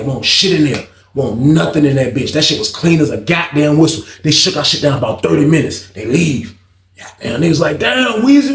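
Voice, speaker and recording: In a mid-range, creaky voice that echoes, a man who hosts a channel tells a prison story casually, swearing and animatedly acting out what the others said.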